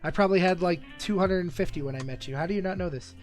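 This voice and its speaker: Streamer, young adult male, slightly high-pitched voice, excitable, swears a lot, faint music underneath. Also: fast. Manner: excitable, profane, rambling banter with frequent laughs. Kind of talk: live stream reaction commentary.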